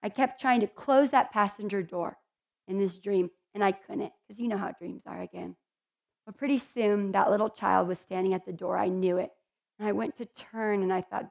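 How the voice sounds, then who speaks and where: A woman's voice: medium pitch, moderate pace, gravelly. A woman giving a conversational Bible teaching in an earnest, heartfelt way, with chatty asides to her listeners.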